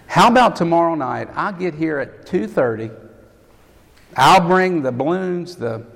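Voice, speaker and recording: A man's voice: on the high side, expressive, measured pace, gravelly, fairly bright tone, heavily acted. A man voicing an earnest male pastor in a plain, matter-of-fact tone. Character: earnest male pastor telling his story. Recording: echoey hall.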